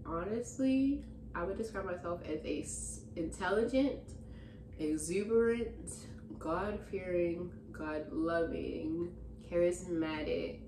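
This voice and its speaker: A woman's voice: lowish voice, slow, a little hiss or hum. Chatty young woman in a roomy space. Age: young adult. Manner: chatty, slangy, relaxed. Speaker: vlogger. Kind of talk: casual Q&A chat. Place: room with stuffed animals behind her. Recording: roomy echo.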